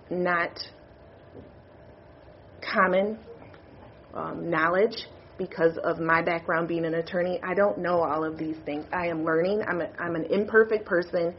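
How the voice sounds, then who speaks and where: A woman's voice: lowish voice, steady tone, measured pace, pauses often, dull audio, a little hiss or hum. A woman on a university board, crying as she gives an emotional, apologetic statement at a public meeting. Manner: emotional, apologetic, tearful confession. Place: meeting room.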